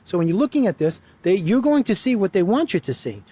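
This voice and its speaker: A man's voice: sits high, very animated, fast talker, warm tone, breathy edge. A man delivering an urgent, emphatic monologue to viewers, often repeating phrases for emphasis. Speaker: spiritual video creator. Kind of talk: preachy monologue to camera.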